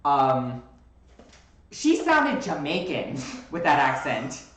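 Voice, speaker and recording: A man hosting a casual chat, rambling with lots of fillers and getting animated when he makes a point. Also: fairly high pitch, slow, echoey room. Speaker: host.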